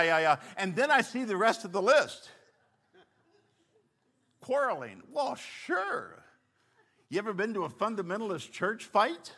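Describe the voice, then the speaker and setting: An older man preaching a sermon as pastor, telling a story with animated bursts of emphasis. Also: sits high.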